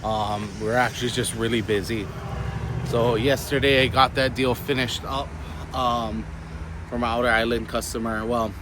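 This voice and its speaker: Casting note: congested young man, low and fairly flat voice, easygoing vlog chatter, steady background noise. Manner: relaxed, chatty, many ums. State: congested, stuffed-up nose. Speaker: car salesman vlogger. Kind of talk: casual vlog update.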